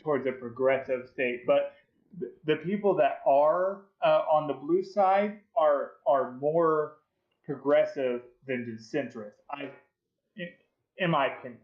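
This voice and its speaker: A man's voice: on the high side, measured pace. A man from the United States hosting a casual chat, hesitant and stammering, full of fillers. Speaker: host. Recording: roomy, dull lo-fi mic.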